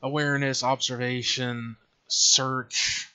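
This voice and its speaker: The speaker is a man with a clear, resonant, sharp voice of medium pitch, keeping a level tone and taking his time. He's hosting a casual screen-recorded game development tutorial, thinking aloud and mumbling to himself as he navigates computer menus. The recording is lo-fi and somewhat dull.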